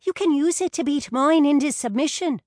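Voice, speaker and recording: A woman voicing a cheerful young Irish woman with an Irish accent, speaking high and bold. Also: moderate pace, darkish tone, no room sound, clean studio sound, close to an everyday voice. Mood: gleeful.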